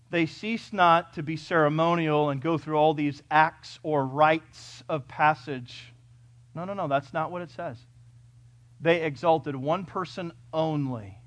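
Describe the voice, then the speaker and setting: A man whose voice is a little high speaks at normal speed in a sermon to his congregation, recorded without echo. He's forceful, throwing out rhetorical questions and shifting from loud pronouncements to hushed remarks.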